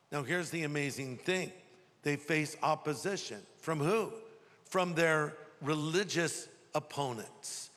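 A man's voice: fairly high pitch, takes it slowly, a bit bright. A man preaching a sermon, telling stories with humor and animation. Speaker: pastor. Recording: long hall reverb.

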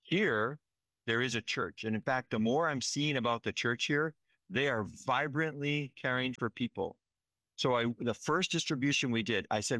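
Speaking at a moderate pace in a sharp-toned, mid-range voice, a man reports conversationally from the field about disaster relief, earnest and emotional, frequently asking "right?". There's no echo.

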